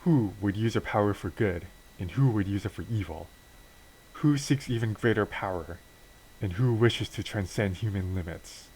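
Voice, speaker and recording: A man's voice: lowish voice, moderate pace, darkish tone, a little hiss or hum, lightly acted, rough recording. A man voicing a male ethereal guardian spirit with grave pronouncements. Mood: solemn.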